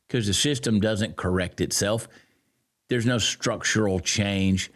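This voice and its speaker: A man giving sarcastic, mocking political commentary, swinging from loud jeers down to low grumbles. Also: measured pace. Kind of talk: ranting commentary.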